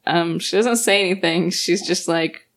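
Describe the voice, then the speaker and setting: A woman playing a tabletop game, talking hesitantly. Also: on the low side. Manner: hesitant, slow, laughing. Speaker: player.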